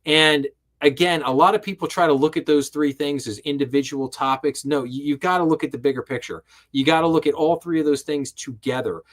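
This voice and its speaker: A man's voice: on the high side, fairly quick. A man hosting a live-streamed finance show, giving impassioned, sarcastic commentary and often stumbling over repeated words as he gets worked up. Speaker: host.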